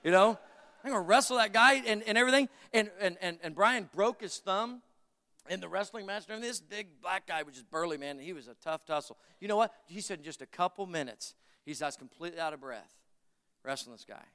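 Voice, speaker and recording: A man's voice: high-pitched, expressive, quick pace, pushed and bright, long reverb tail. A middle-aged man preaching a sermon, joking and telling stories to his congregation in a folksy way. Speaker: pastor.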